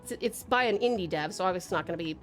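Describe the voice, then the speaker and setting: A woman's voice: on the low side, rapid-fire, a bit bright, soft background music. A woman streamer and voice actor in casual live-stream chat, rambling with many ums as she reads viewer messages aloud from home.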